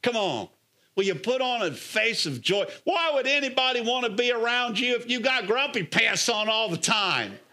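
A middle-aged man, a pastor, preaching a sermon in an energetic, coaxing way, full of rhetorical questions and calls of "come on.". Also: very high voice, moderate pace.

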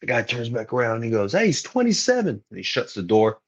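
Animated young man telling a story. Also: lowish voice. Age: 20s. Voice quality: animated, acts out other people's lines in quick bursts. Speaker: guest wrestler. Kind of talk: casual podcast storytelling. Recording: muffled lo-fi recording.

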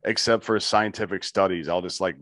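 Man from the United States, interview guest, blunt and emphatic, very low voice, dry close mic. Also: fairly even intonation, brisk, a bit bright, no echo. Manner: blunt and emphatic, swears casually. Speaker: podcast guest. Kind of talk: conversational interview.

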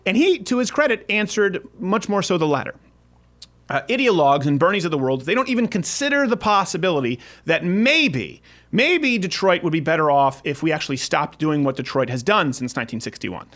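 A man's voice: on the high side, very animated, fairly quick, fairly bright tone. A man hosting a casual political talk show, talking in a sarcastic, rambling way with frequent restarts. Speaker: podcast host.

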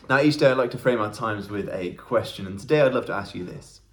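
A man's voice: on the low side, fast talker, hardly any pauses. Chatty young man giving a devotional. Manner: chatty, self-deprecating, laughs while telling stories. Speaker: church worker training as vicar. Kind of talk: devotional Bible talk.

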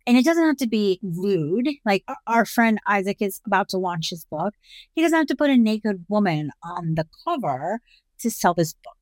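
A woman's voice: mid-range voice, sing-song, dry recording. Agreeable woman co-host, laughs easily. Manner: agreeable, laughs often, quick short replies. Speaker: podcast co-host. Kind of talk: casual chat.

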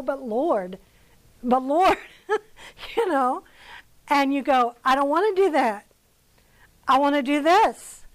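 High-voiced, unhurried American woman teaching the Bible. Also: low-quality recording. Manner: conversational, asks the audience questions. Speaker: women's Bible study teacher. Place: church.

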